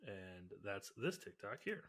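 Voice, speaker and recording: A man's voice: lowish voice, big pitch swings, unhurried, fairly bright tone. A young man co-hosting a podcast in casual chat, rambling with lots of fillers and frequent laughs. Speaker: podcast co-host.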